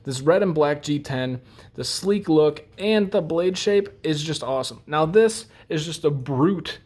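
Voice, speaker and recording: A man's voice: a little high, lively intonation, measured pace, a little mellow. A young man hosting a casual knife review vlog, rambling with lots of fillers and joking at his own expense. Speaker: host.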